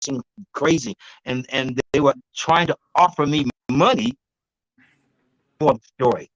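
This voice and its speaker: A man being interviewed as an herbal healer, telling stories in a lively, demonstrative way, laughing often and acting out what others said. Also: mid-range voice, a little slow, no room sound, highs cut off. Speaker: guest herbalist. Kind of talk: animated storytelling interview.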